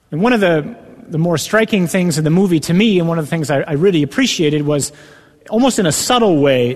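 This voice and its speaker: A man preaching a sermon with a slightly high voice that lifts sharply when he quotes scripture. His words carry an earnest, emphatic weight. The voice rings with the long reverb of a large hall. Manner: earnest, builds to emphatic rising passages when quoting scripture. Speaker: priest.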